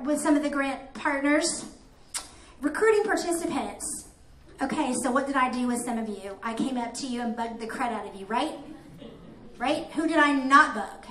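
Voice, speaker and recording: A woman presenting to a room of teachers, telling the story in a chatty, animated way with playful asides. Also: high voice. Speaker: grant coordinator presenting to teachers. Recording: echoey room, faint noise.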